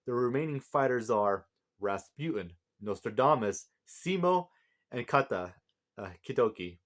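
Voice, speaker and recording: A man's voice: medium pitch, lively intonation, measured pace, fairly bright tone. A man reading aloud the lines of a worried young female valkyrie, a younger sister.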